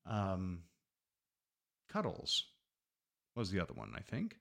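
A man co-hosting a podcast, chatting in a relaxed, wry, teasing way. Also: low voice, slow, creaky. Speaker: podcast co-host. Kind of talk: candid casual chat.

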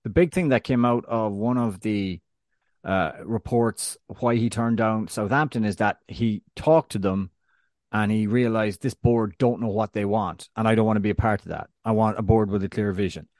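A man co-hosting a casual football podcast, measured with wry asides. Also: fairly low pitch, a little mellow, no room sound, studio quality. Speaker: podcast co-host.

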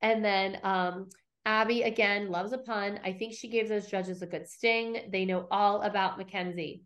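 A woman's voice: mid-range voice, moderate pace. Middle-aged woman retelling stories with gusto. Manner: animated storyteller, acts out quotes, swears freely. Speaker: podcast host recapping episodes. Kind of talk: casual podcast chat.

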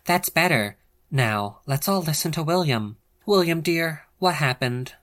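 A man's voice: on the high side, animated, measured pace, fairly bright tone, pitched above the performer's own voice. A man voicing a female wolf pack leader who addresses her pack in grand, solemn speeches. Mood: commanding.

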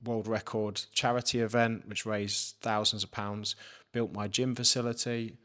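A man's voice: lowish voice, level tone, normal speed, bright, forceful tone. A man, a podcast guest telling a candid personal story and swearing freely. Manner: frank, swears freely, acts out his own inner questions.

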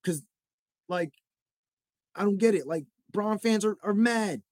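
A man's voice: sits high, unhurried, darkish tone, no room sound. A young man hosting a solo sports podcast, rambling and getting heated, full of "like" and "bro". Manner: rambling, heated, repeats himself with lots of "like" and "bro". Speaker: podcast host. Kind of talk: solo sports talk rant.

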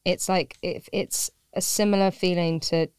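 A woman's voice: lowish voice, steady tone, moderate pace, darkish tone, clear, resonant tone, no echo, clean studio sound. A woman who teaches pottery, chatting casually as a podcast guest in a rambling, self-deprecating way with frequent laughs.

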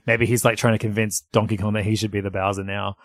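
A man's voice: fairly low pitch, flat delivery, fairly bright tone, dry recording, clean studio sound. A man on a comedy podcast, talking casually and often stumbling over his first words. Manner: halting, repeats words as he starts.

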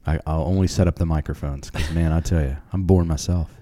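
A male podcast co-host with a very deep, mellow voice. He talks in relaxed, casual chat and drops dry, self-deprecating comments. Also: quick pace.

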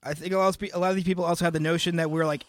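A man's voice: a little high, level tone, rapid-fire, no room sound, clean studio sound. A young man co-hosting a casual podcast, easygoing and rambling, full of "you know". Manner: easygoing, rambling, lots of fillers. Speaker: band member and podcast co-host.

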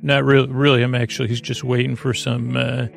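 A man hosting a sleep podcast, talking in a slow, lulling, rambling way with lots of fillers, restarts and pointless tangents. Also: mid-range voice, level tone, music in the background. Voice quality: creaky, dulcet tones. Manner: slow, drowsy, lulling delivery. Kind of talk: rambling bedtime monologue.

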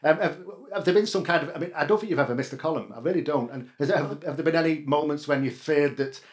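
Fast-talking male interviewer. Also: on the high side. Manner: quick, friendly questions with fillers. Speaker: newspaper editor interviewing a columnist. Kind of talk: casual interview.

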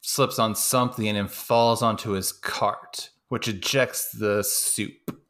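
A man's voice: on the low side, fairly even intonation, slow pace, a bit bright. A man co-hosting a podcast, chiming in with joking side remarks about a film. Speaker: podcast co-host. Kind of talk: casual movie recap chat.

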